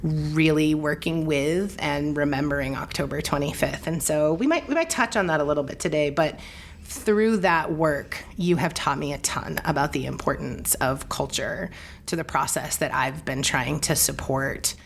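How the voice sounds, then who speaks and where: A woman hosting a casual interview podcast, playful and quick to laugh. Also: sits low, gravelly, a little hiss or hum. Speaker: podcast host.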